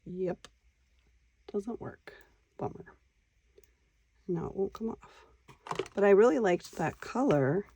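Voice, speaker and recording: Soft-spoken woman muttering while crafting. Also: medium pitch, lively intonation, takes it slowly, pauses often, husky. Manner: quiet, mutters to herself while working. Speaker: crafting channel host. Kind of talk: casual crafting vlog.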